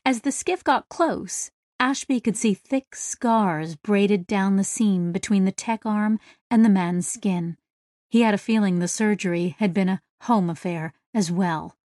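Unhurried woman narrating an audiobook. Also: medium pitch, darkish tone, dry recording, clean studio sound. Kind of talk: scripted narration.

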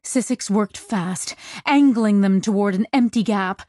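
Woman, audiobook narration, slow, even, dry studio sound. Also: medium pitch, no echo. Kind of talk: scripted narration.

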